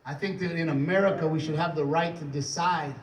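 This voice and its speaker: A man from Texas doing a profane stand-up comedy set, telling rowdy stories and shouting out impressions. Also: on the high side, fairly even intonation, a little fast, slight background noise. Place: comedy club stage. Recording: echoey club sound from a distant mic under loud audience laughter. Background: loud audience laughter.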